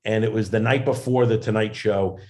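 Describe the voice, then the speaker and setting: A man's voice: lowish voice, fairly even intonation, brisk, a little mellow. A man, a comedian and actor, telling rambling self-deprecating stories as a guest over a video call. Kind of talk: casual interview storytelling.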